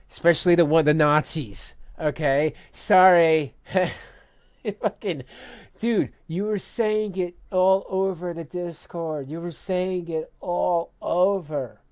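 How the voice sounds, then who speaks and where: A man's voice: fairly high pitch, slow, a little mellow, no echo. Angry mocking man ranting. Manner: profane, mocking, exasperated. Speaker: commentary channel host. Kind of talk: angry reaction rant.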